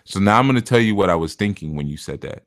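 A man's voice: low-pitched, lively intonation, quick pace, a bit bright, no room sound, clean studio sound. A man giving a blunt, casual spiritual talk as a reader, acting out the voices of the people who come to him. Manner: blunt, acts out clients' voices.

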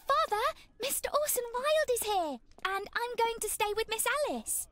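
A woman voicing a bright, cheeky young daughter in a video game, talking in a teasing, excited way. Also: very high-pitched, moderate pace. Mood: chirpy. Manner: chirpy, teasing.

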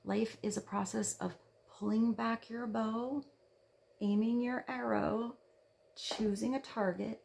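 A woman giving a casual tarot reading, speaking softly and dreamily, sometimes sinking to a whisper. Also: on the high side, fairly even intonation, slow, gravelly, slight background noise. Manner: soft, dreamy, drops to a whisper when reading card texts. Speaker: tarot reader.

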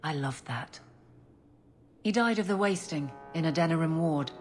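A low-voiced grieving guard captain for a game, quiet and restrained, never raising her voice. Her words come plain and steady, and faint music plays under her. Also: moderate pace. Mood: somber.

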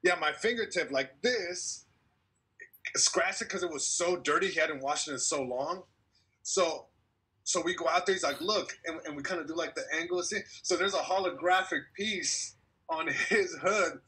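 A man's voice: on the high side, normal speed, pushed and bright, slightly rough. A young man and comedian guest telling a long story in casual podcast chat over a video call, acting out quotes and laughing along the way.

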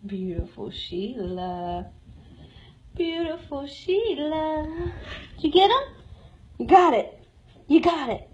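Lady w a high voice baby-talking to cats on a slow shelter tour, phone audio a bit muffled w faint hiss. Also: darkish tone. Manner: coos and baby-talks to cats. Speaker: cat shelter tour guide. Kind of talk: live-streamed shelter tour. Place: indoor cat shelter.

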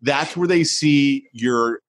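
Relaxed man chatting on a podcast, dry sound. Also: medium pitch, slow pace, no room sound. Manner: relaxed, rambling, hesitant fillers. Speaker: podcast co-host. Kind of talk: casual chat.

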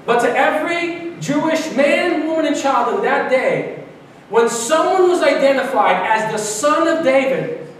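A pastor from Brooklyn delivers an animated sermon, his fairly high voice stumbling into repeated restarts as he builds each point. The sound is heavily echoey and comes from a mic well away from him in the sanctuary. A faint hiss sits underneath. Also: unhurried. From Brooklyn, New York. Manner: animated preaching with frequent restarts and repetitions. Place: large church sanctuary. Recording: very echoey church from far off.

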